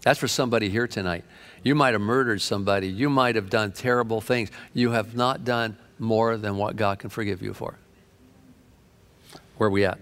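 A man preaching a sermon with fervent energy, telling stories and shifting between quick and drawn-out phrases. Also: on the low side, fairly even intonation, a bit bright.

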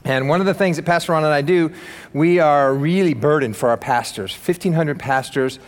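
A man's voice: on the high side, moderate pace. A male pastor preaching a sermon to his congregation in an easygoing, enthusiastic way, joking with the room between points. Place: church sanctuary. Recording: long reverb of a large hall.

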